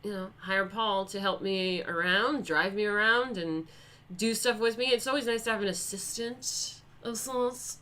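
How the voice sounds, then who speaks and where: New York woman hosting a late-night stream, bright edgy tone, swears and rambles, fighting off the flu. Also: mid-range voice, unhurried. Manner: rambling and profane. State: sick with the flu. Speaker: host.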